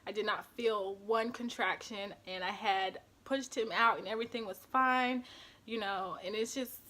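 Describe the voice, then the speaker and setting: Speaking at normal speed with a medium pitch and fairly even intonation, a young woman who does beauty vlogs shares a personal story to camera. Her tone is bright and forceful, though she's emotional, frequently close to tears, and leans on many fillers.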